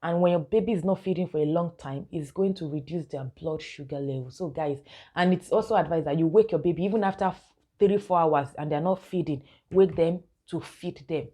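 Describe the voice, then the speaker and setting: A woman's voice: low voice, brisk, dark tone. A young woman, a mother giving casual baby-care tips to her viewers and calling them guys. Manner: chatty, keeps addressing viewers as guys, laughs often. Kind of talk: casual instructional vlog.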